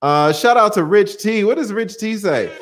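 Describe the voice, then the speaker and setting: A man hosting a casual livestream, talking in an animated, rambling way with many restarts. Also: high voice, normal speed. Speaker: livestream host.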